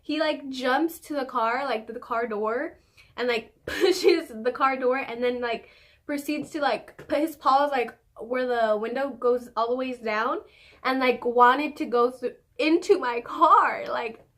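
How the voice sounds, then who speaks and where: A young woman tells a story to her vlog audience in loose, casual talk. She is animated, swears freely and often laughs as she goes. Her voice sits a little high. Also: a little slow. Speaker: vlogger.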